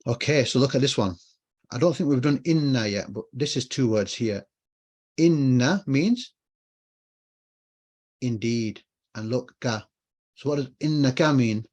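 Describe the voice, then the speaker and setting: At a moderate pace, this Arabic instructor works through an online class, patiently explaining and echoing key phrases. He asks questions and answers them himself in a medium-pitched, darkish voice.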